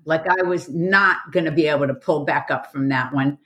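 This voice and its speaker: A woman who teaches karate, hosting a casual group conversation on a podcast, enthusiastic and quick to laugh. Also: sits low, a bit bright. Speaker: karate instructor and podcast host.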